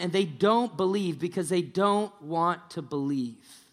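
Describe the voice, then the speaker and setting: A pastor preaching a sermon, telling a story in a lively way and acting out the people in it. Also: male voice, sits high, measured pace. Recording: long church-hall reverb.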